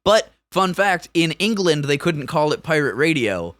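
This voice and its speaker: Bright-voiced joking male podcaster. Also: fairly high pitch, sing-song, dry recording. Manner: joking, crude asides, quick reactions. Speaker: podcast co-host. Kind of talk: casual comedic chat.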